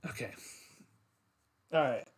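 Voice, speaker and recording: A man hosting a solo sports podcast livestream, talking to his chat in a frustrated, repetitive rant. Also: very slow.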